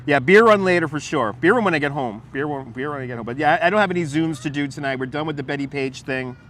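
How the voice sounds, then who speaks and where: A man's voice: a little high, fast talker, fairly bright tone, a little hiss or hum. Chatty man streaming live outdoors. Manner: rambling, laughs often, swears, answers chat. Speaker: livestream host. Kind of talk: casual live-stream chat while walking. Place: outdoors on a city waterfront. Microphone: wireless lapel mic.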